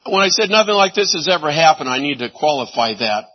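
Animated man preaching a sermon. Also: on the high side, quick pace, dull audio. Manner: animated, swings from loud exclamations to hushed asides. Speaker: pastor.

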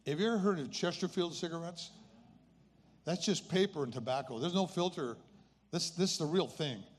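An elderly man in his eighties tells a personal testimony. His voice sits a little high for a man. He talks in an earnest, plain, conversational way. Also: normal speed. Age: 80s. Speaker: speaker sharing a personal testimony. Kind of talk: storytelling testimony.

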